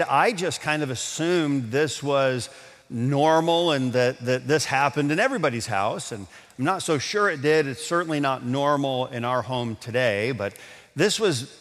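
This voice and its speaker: A man's voice: medium pitch, a bit bright, in a large hall. A man preaching a sermon, telling a childhood story in a folksy way with many restarts and asides to the congregation. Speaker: pastor.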